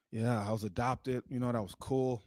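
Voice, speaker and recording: A man's voice: medium pitch, a little mellow, no echo. A man performing a live stand-up comedy set into a stage mic, rambling with lots of "like" and laughing at his own jokes. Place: live comedy show venue.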